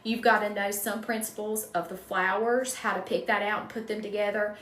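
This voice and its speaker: A woman's voice: mid-range voice, level tone, a little fast, fairly bright tone, slight background noise. A woman from North Carolina with a Southern accent, chatting casually and greeting viewers by name while she designs a wreath on a live stream. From North Carolina, USA. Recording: roomy echo, distant mic.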